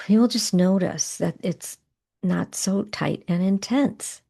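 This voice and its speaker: Gravelly, mellow-voiced woman coaching tapping. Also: medium pitch. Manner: gentle, unhurried guidance with soft pauses. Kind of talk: guided tapping instruction.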